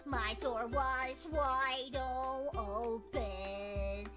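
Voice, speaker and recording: A woman streamer telling jokey stories in an animated, dramatic way, heard in a clip. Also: sits high, very slow, music in the background. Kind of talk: casual storytelling chat.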